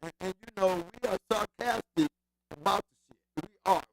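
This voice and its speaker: Excitable man hosting, gravelly voice. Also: sits high, normal speed. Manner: excitable, loud, repeats words. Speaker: talk show host. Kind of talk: casual interview talk. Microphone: handheld mic held close.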